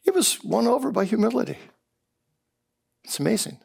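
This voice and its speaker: Earnest male preacher with gravelly voice. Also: extremely high pitch, normal speed. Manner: earnest storytelling, repeats words when excited. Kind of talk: chapel sermon. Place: chapel service.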